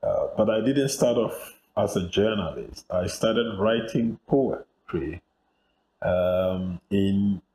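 Deep-voiced Ghanaian man, measured. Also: dark tone, roomy sound, a little hiss or hum, low-quality recording. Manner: measured, reflective, with frequent fillers. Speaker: guest journalist. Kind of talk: interview over a remote call. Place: office.

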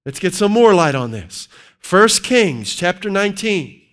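A male preacher delivering a sermon to his congregation. His voice is smooth and resonant, fairly high for a man, and he takes his time. He booms out scripture, then drops to low, quiet asides and questions. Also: very animated, measured pace. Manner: swings from loud emphatic scripture reading to low quiet asides.

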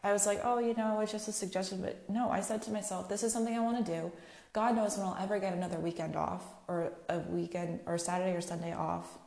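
A woman's voice: on the low side, gravelly, darkish tone. A young woman hosting a podcast, talking on her own in a chatty, candid way and swearing freely. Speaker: podcast host. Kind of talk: casual solo podcast monologue. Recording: echoey room.

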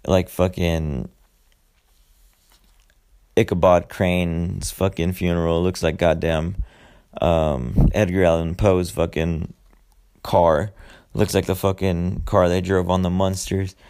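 A podcast host with a very deep, gravelly, creaky voice gives a casual movie recap, as if chatting with friends. His delivery is flat, slow, and a little mellow, with frequent pauses. He swears constantly and rambles through loose storytelling full of fillers and side remarks.

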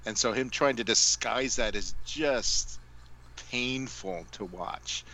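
A man's voice: medium pitch, slow, pushed and bright, poor audio. A man co-hosting a casual movie podcast, meandering with jokey asides. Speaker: podcast co-host.

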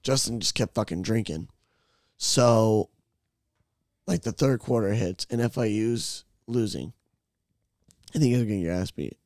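A man's voice: lowish voice, normal speed, pauses often, a little mellow, no room sound, studio quality. A young man co-hosting a podcast, telling a rowdy, profane story in a casual chat. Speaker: podcast co-host.

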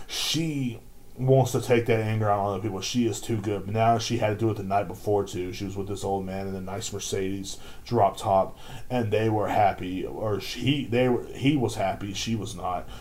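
A man's voice: on the low side, mellow. A man hosting a podcast, telling a rambling, profane story about his job as a store clerk. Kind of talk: casual rant.

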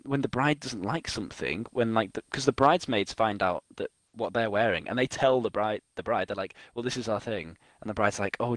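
A man's voice: mid-range voice, no echo. Rambling young man, dry sound. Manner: rambling, laughing retelling with many restarts. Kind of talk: casual chat.

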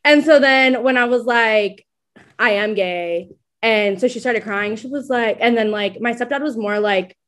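A young woman with a voice on the high side tells a personal story at a measured pace in casual chat. She's a guest sharing her coming-out story, animated throughout, acting out what others said and laughing often.

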